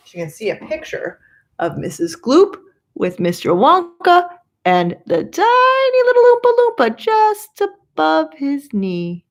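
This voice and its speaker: A woman teacher reading a children's chapter book aloud expressively. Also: sits high. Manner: expressive, unhurried. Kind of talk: storybook read-aloud.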